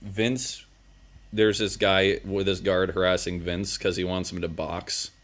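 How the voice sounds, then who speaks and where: A man's voice: sits low, level tone, measured pace, a bit bright. A young man casually retelling a movie plot in a rambling, crude way, with many fillers. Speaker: movie reviewer.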